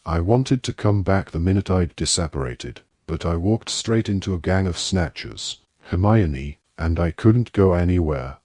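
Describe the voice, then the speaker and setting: A man's voice: deep voice, lively intonation, moderate pace, hardly any pauses, a little mellow, breathy edge, no room sound. A man voicing an awkward teenage wizard. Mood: defensive. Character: awkward teenage wizard boy, defensive and apologetic.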